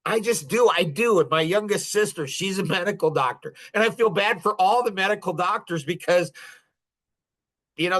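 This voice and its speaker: A man's voice: fairly bright tone, rough recording. Sarcastic rambling man in his sixties. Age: 60s. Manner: sarcastic, rambling storytelling with jumps in pitch; many fillers like "like" and "you know". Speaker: podcast host. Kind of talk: casual monologue.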